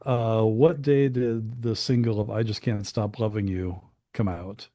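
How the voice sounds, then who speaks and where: A man's voice: on the low side, fairly even intonation, a little slow, mellow, dry recording. A man being interviewed as a guest, telling stories about studio work in a casual, chatty way, with frequent restarts and asides. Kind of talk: casual anecdotal storytelling.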